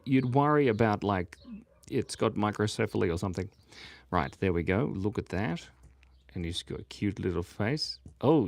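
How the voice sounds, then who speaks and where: A man's voice: fairly low pitch, a little mellow, no room sound. Playful, chatty man streaming his drawing. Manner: playful, rambling, chatty with viewers. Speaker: live-streaming artist. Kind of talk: casual livestream chat while drawing. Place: home studio in Australia.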